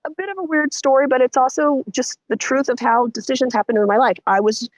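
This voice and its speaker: A middle-aged woman, telling a story as a guest in an interview, animated and vivid. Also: fast, dry recording. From Texas. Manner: animated, vivid storytelling with lots of pitch swings.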